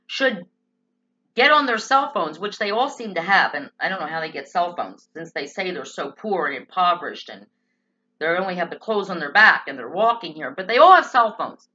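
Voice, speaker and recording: A woman's voice: mid-range voice, pushed and bright. A woman giving a blunt, sarcastic, profane political monologue. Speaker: political commentator. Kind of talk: opinionated monologue. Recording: dull lo-fi sound.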